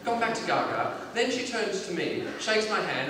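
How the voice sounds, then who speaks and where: An Australian man telling an animated stand-up story on a theatre stage. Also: high-pitched. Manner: animated, switches into quick voices for others. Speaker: stand-up comedian. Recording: echoey theatre from far off with audience noise.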